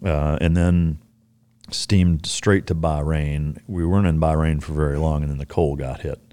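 A male podcast host with a very deep, warm voice talks casually with an old friend. He is relaxed, swears freely and recalls details with quiet certainty. The sound is close and dry, with no room around it. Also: normal speed, dry recording.

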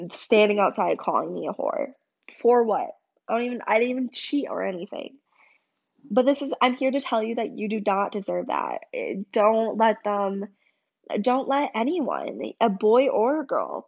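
A woman's voice: mid-range voice, vocal fry. Young woman venting on a lo-fi podcast. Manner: emotional, confiding, swears, lots of "like" and "um". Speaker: podcast host. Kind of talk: candid personal storytelling.

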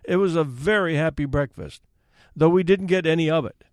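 A man hosting a story podcast, reading a classic tale aloud with expressive narration. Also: fairly high pitch, moderate pace, no echo.

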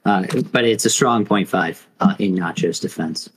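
A man's voice: sits low, moderate pace, slight background noise, low-quality recording. A man co-hosting a podcast, telling a mock fight in a rambling, casual way full of fillers. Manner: rambling, filler-heavy storytelling. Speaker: podcast co-host.

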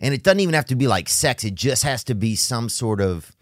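A man in casual conversation, earnest and halting, leaning hard on "like" as he talks. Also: mid-range voice, lively intonation, no echo, clean studio sound. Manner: halting, earnest, heavy use of "like".

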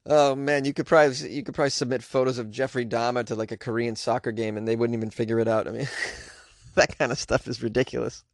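Gravelly-voiced guy hosting a comedy podcast. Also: mid-range voice, fairly even intonation, fast talker, no echo, studio quality. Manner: laughs often, chatty, slangy asides. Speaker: comedy news podcast host. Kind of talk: casual comedic monologue.

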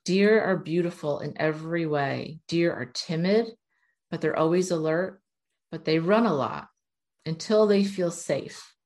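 Earnest low-voiced woman reading oracle cards. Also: a little slow, a little mellow. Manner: earnest, encouraging, blunt at times. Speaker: spiritual oracle card reader. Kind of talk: casual oracle card reading to viewers.

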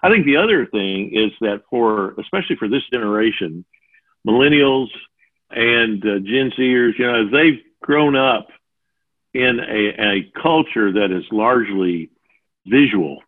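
A man's voice: mid-range voice, unhurried. Older man on a tinny line. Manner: animated, acts out quoted voices. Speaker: preaching mentor. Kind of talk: interview answers. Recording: phone-like narrow audio.

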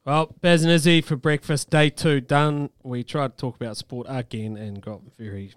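Kiwi male breakfast co-host, easygoing banter, mid pitch, dry studio sound. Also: fairly even intonation, moderate pace, clear, resonant tone, dry recording. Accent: New Zealand. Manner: chatty, laughs often, warm praise for guests. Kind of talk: casual radio banter. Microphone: studio mic, dry.

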